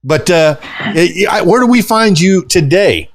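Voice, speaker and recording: An American man in his fifties hosting a podcast interview, excitable and full of halting restarts. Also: high voice. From United States. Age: 50s. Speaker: podcast host. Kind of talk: enthusiastic interview chat.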